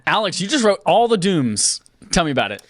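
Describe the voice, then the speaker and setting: Male host, higher voice, upbeat, dry sound. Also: very animated, fairly quick, no room sound. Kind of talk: casual gaming podcast chat.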